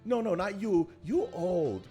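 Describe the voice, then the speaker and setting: A man voicing a blunt older woman waitress in a high, slow, clipped way while telling a story. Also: wildly swooping pitch, dark tone, faint music behind, full character voice. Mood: teasing.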